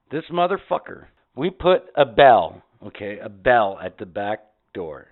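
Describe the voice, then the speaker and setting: A podcast host spins rambling, swear-filled stories in a loose, animated rant. His voice is on the high side and smooth, coming through with a tinny, phone-like sound.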